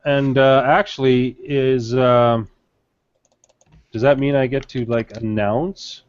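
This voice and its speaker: A man's voice: medium pitch, fairly even intonation, slow, clear, resonant tone, highs cut off. A man co-hosting a live webinar, casual and hesitant, with many fillers as he reads out winners. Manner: hesitant, many fillers while reading names. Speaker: webinar co-host.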